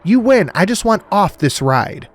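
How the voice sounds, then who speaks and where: A man voicing a despairing woman who shouts bitterly at the sky in a horror audiobook. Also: low voice, lively intonation, fast, voice pushed up. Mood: furious. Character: despairing young woman at her breaking point.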